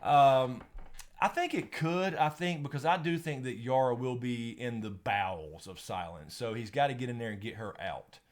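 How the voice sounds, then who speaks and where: A man's voice: mid-range voice, normal speed. Young male streamer host, loose and chatty, mid-range voice. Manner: rambling, laughs often, curses casually. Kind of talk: casual live Q&A chat.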